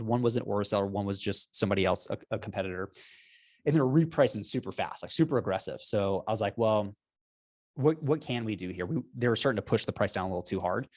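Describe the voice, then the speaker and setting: A man being interviewed as a guest, explaining business strategy in an upbeat, persuasive way and chuckling often. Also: fairly low pitch. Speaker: guest, repricing software founder.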